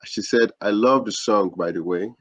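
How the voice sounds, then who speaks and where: A man from Nigeria with a Nigerian accent, hosting a casual podcast interview and affirming his guest warmly. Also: lowish voice, moderate pace, no room sound. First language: not English. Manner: friendly, affirming with short backchannels. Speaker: podcast host.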